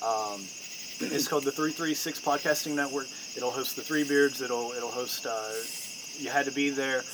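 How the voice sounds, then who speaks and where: A man's voice: medium pitch, normal speed. A man in his twenties, a guest podcaster, talking in a friendly, slightly hesitant way with lots of fillers. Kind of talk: casual chat. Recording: steady background noise.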